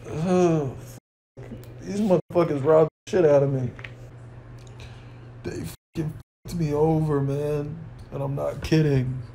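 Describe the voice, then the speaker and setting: A young man near tears rants on a live stream, cursing at every turn and ending his lines with bro or man. His voice sits a little high and stays flat, with little rise and fall. A faint noise hums behind him. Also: measured pace, gravelly, pauses often, rough recording. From New York. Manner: profane, repeats bro and man, rambling. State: upset, close to tears. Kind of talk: unscripted live stream rant. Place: hotel room.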